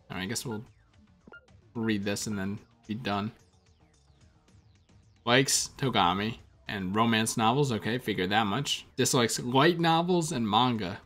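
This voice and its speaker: A man's voice: on the low side, unhurried, fairly bright tone, soft background music. A man doing casual gameplay commentary, reading menu text aloud with wry asides. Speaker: let's play gamer.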